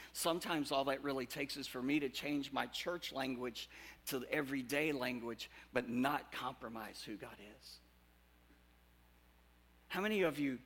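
Preaching to a congregation, this male pastor keeps things conversational, posing questions to the audience and alternating between loud, lively outbursts and soft, sincere passages. His pitch is medium and his voice has a creaky quality.

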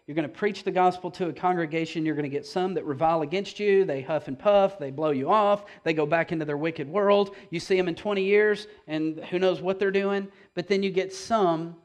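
A high-voiced man preaching a sermon, talking to the congregation in a casual way with rhetorical questions. He moves between loud, emphatic stretches and slow, hushed ones. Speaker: pastor.

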